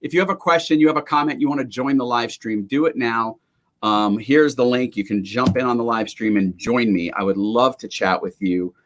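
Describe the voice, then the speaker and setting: A man hosting a motivational live stream, talking emphatically in an energetic, ranting way. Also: mid-range voice, normal speed, slight background noise. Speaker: livestream host. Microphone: webcam or computer mic on a live stream.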